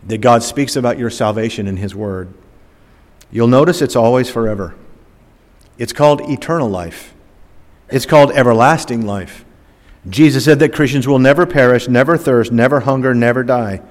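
An older man preaching a sermon, rising emphatic and dropping to soft, slow phrase endings. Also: mid-range voice. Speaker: pastor. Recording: long hall reverb.

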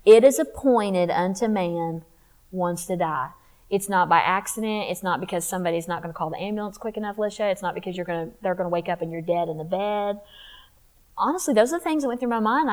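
A woman telling her faith testimony in a candid, animated way, acting out what people said. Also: medium pitch, fast talker, poor audio. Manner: candid, animated, acts out quotes. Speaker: speaker sharing testimony.

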